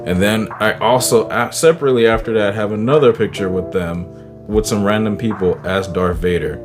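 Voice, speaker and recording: A man telling a personal story in a casual, animated way, acting out the people he quotes. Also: on the low side, brisk. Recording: guitar music under the voice. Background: guitar music.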